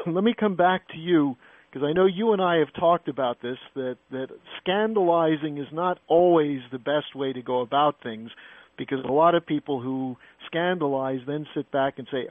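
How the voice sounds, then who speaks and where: A man's voice: a little high, moderate pace, no echo. Radio host guy, pushy questions, thin phone-line sound. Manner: asks guests pointed questions, argumentative. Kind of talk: political talk radio chat.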